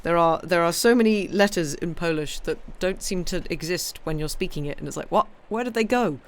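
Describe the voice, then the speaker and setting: A woman's voice: fairly low pitch, brisk. A woman who streams herself reading novels aloud, chatting casually and rambling, full of ums and restarts. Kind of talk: casual chat on a live stream.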